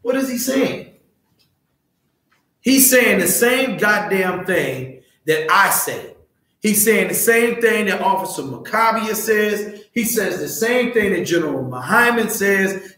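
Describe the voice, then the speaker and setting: A man teaching a scripture class, loud and profane, fired-up like a street preacher. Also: sits high, expressive, unhurried. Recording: very echoey room.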